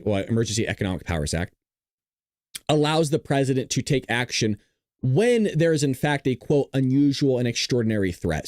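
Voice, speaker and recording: A man's voice: medium pitch, dry recording, studio quality. A man hosting a casual political livestream, chatting with viewers and laughing at his own jokes. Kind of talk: casual live commentary.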